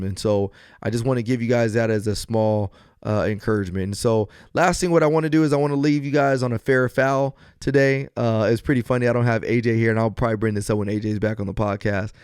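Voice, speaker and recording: A man's voice: medium pitch, a little mellow, clean tone, dry recording, clean studio sound. A man hosting a podcast on his own, earnest and encouraging, then joking as he tells a story. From US West Coast. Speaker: podcast host. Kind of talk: solo podcast talk.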